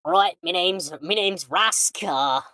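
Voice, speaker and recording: A man voicing a slippery little grey rat man with a put-on British accent, loud and improvised. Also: high voice, slow, no echo, clean studio sound, heavily acted. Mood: cheeky. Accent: put-on cockney-style British.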